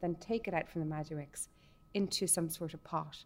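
A woman's voice: sits low, a little fast, darkish tone. A woman guest in casual chat, enthusiastic, talking through food and a recipe step by step with many restarts.

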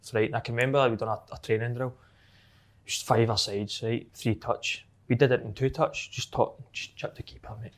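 A man's voice: medium pitch, steady tone, a little fast. A Scottish man, a former footballer, telling blunt, sweary stories in a casual podcast chat. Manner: blunt, swearing, laughs at his own stories.

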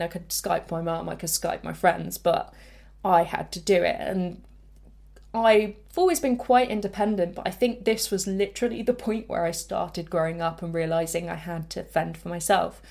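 A woman's voice: fairly low pitch, fairly even intonation, normal speed, gravelly, a little mellow. A young woman hosting a podcast, telling her own story in a candid, reflective way with self-deprecating laughs. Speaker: podcast host. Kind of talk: personal storytelling.

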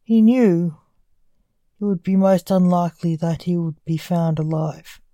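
A woman narrating a dark story in a measured, deliberate reading style. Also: lowish voice, dry recording, muffled recording.

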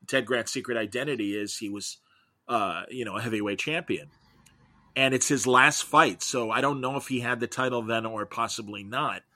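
Bright, eager middle-aged man storyteller. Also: medium pitch, normal speed, no room sound. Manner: enthusiastic, rambling storyteller. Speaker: guest, comics podcaster. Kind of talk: casual interview chat.

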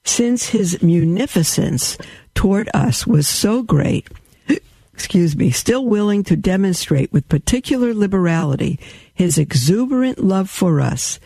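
A man hosting a radio show, slowly reading a religious text aloud with devotion and breaking off for chatty asides to his listeners. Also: sits high, gravelly, warm tone, slightly rough, no room sound. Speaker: radio host.

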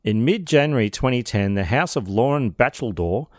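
A man's voice: mid-range voice, lively intonation, moderate pace, no echo, clean studio sound. A man hosting a podcast, narrating a true crime case with wry, sardonic asides. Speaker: podcast host.

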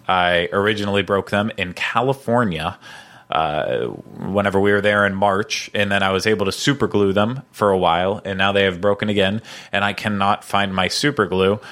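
A man's voice: lowish voice, moderate pace, a bit bright. A man hosting a podcast in casual chat, rambling with lots of fillers and playful banter. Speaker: podcast host.

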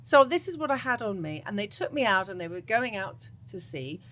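A woman's voice: medium pitch, a little fast. A woman TV presenter telling a wild story in casual chat, acting it out, laughing and tearful. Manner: excitable storyteller, acts out scenes, laughs and cries while telling. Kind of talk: animated anecdote in casual chat.

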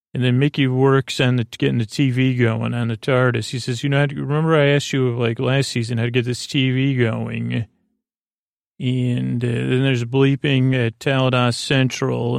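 Flat, gravelly man rambling sleepily. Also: mid-range voice, dry recording, clean studio sound. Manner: rambling and hesitant, frequent filler pauses. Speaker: podcast host. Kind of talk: sleep podcast episode recap.

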